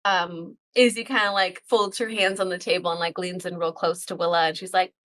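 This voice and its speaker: Bright-voiced chatty woman player. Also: fairly low pitch, steady tone, fairly quick, few pauses. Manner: chatty, hesitant. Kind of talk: playing a tabletop game.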